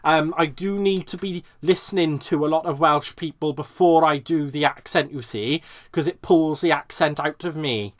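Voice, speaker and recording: A man's voice: fairly high pitch, moderate pace, few pauses. A man hosting a live crafting stream, chatting casually and laughing at himself as he works. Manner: chatty, self-mocking, laughs often.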